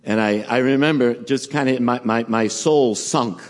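A man preaching in a conversational, halting way with frequent fillers. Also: medium pitch. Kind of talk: sermon.

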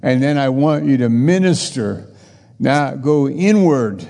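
A man voicing God in a sermon, speaking in a gentle, slow and reassuring way, heard with a long church reverb. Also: mid-range voice, animated, gravelly, pitched above the performer's own voice. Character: God, calm reassuring fatherly deity. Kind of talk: acted quote within a sermon.

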